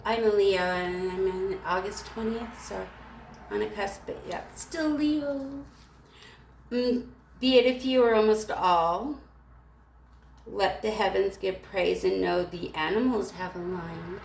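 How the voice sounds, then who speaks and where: Woman vlogger, gravelly voice, rambling and irritated, echoey room on a phone. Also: mid-range voice, distant mic, slight background noise. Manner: rambling, emotional, irritated, halting restarts. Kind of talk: rambling spiritual monologue. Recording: echoey room with faint ambience.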